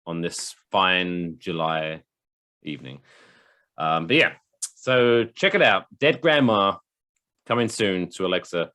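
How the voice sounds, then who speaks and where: A lower-voiced man with an English accent, chatting loosely as a podcast co-host. His pitch swings a lot as he rambles from joke to joke. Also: slow, pauses often. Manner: rambling, jokey, with animated asides. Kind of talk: casual chat.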